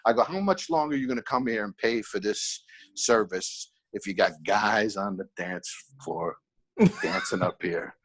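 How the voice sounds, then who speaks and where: A man's voice: lowish voice, normal speed, a bit bright. A middle-aged man, a former nightclub head of security, telling stories in a casual podcast chat and acting out the dialogue he quotes.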